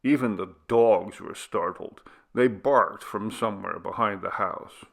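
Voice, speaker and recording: A man narrating a classic story, measured and expressive. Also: fairly low pitch, creaky. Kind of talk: audiobook reading of a classic story.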